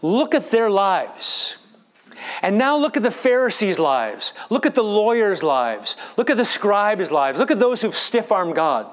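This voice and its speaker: A man's voice: high-pitched, sing-song, a little slow. A man preaching a sermon as a pastor, with emphatic delivery that rises and drops in volume.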